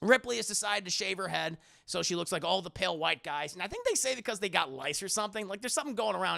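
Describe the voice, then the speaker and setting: A young man casually recapping a movie for his live chat, sarcastic and jokey, swearing freely and acting out the characters in quick asides. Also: sits high, animated, creaky, bright, forceful tone. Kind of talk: casual profane film recap.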